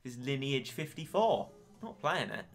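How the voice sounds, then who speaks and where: A man's voice: medium pitch, animated, normal speed. A young man in his late teens chatting casually and wryly on a game stream, poking fun at himself. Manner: chatty, wry and self-mocking. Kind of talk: casual gaming stream chat.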